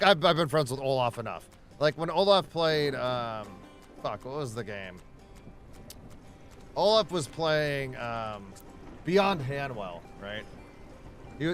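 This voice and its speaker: A man's voice: fairly high pitch, a bit bright. A man live-streaming a video game, chatting casually and profanely with his viewers while he plays. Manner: profane, rambling, talks to chat and the game. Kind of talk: casual gaming livestream chat.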